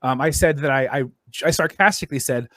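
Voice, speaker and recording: A man's voice: fairly high pitch, fast talker, fairly bright tone, no echo, studio quality. A man co-hosting a casual stream, ranting bluntly with a lot of profanity. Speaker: co-host.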